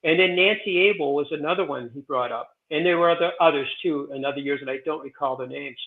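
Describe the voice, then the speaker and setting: A guy in his sixties, president of a historic stone site, rambles through casual interview stories at a quick pace, full of ums and uhs and drifting off topic. His voice is kind of high and sounds tinny, like he's on a phone line.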